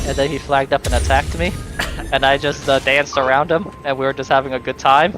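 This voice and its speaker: A man's voice: mid-range voice, flat delivery, fairly quick, music in the background. A man streaming, chatting casually and explaining game tactics, swearing now and then. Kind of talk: casual chat while gaming.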